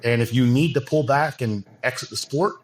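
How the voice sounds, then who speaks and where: At a moderate pace and medium pitch, a male bodybuilding coach holds forth earnestly during an informal podcast conversation. He tends toward sprawling run-on sentences and frequent fillers.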